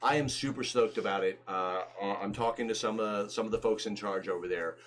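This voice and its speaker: A man co-hosting a livestream in casual chat, excitable and chatty, with lots of fillers. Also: on the low side, brisk, slight background noise. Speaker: livestream co-host.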